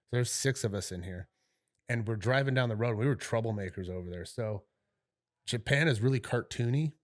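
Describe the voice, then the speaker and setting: Speaking briskly in a mid-range voice, this middle-aged man co-hosts a podcast and spins out a lengthy tale. He's casual and rambling, cursing freely and leaning on fillers such as "you know" and "right?".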